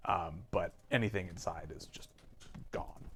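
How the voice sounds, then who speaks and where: A man running a tabletop game as game master, narrating casually and often pausing on ums. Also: deep voice, fairly bright tone, a little hiss or hum.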